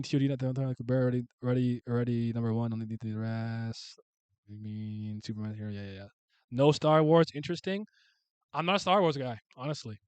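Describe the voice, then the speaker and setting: A young man casually rambling through a ranked list of characters, swearing freely and breaking into sudden loud shouts. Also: mid-range voice, clear, resonant tone, no room sound. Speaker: streamer ranking favorite comic and anime characters. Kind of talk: casual unscripted commentary.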